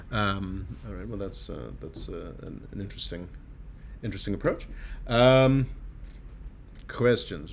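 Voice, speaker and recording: A tired man hosting a casual livestream and reading viewer comments aloud, rambling and halting with many fillers, sardonic and laughing at his own jokes. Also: lowish voice, slight background noise. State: tired and low. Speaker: livestream host reading super chats.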